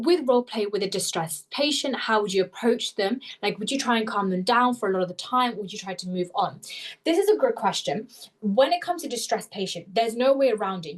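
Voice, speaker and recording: A young woman coaching applicants through a live webinar over a video call. Her voice sits fairly high and she moves quickly, correcting herself as she goes. She sounds eager to explain. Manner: fast, animated, self-correcting explanations. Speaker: interview tutor.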